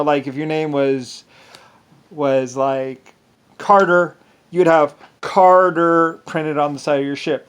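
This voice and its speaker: A man's voice: fairly high pitch, clean tone. A man talking in a rambling, casual monologue, often restarting sentences and slipping into quoted asides. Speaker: vlogger.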